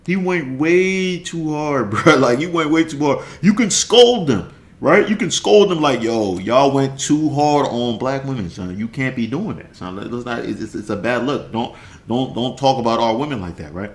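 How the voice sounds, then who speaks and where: A man's voice: medium pitch, expressive, moderate pace, reverberant. A man ranting in casual slang on a stream, repeating himself and laughing often. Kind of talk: casual rant.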